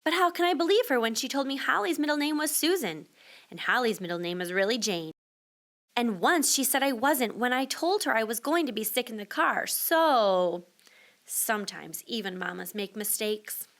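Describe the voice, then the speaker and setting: A woman teacher reading a children's picture book aloud to young listeners, expressive and switching voices for the child and the mother. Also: a little high, normal speed. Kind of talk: children's storybook read-aloud.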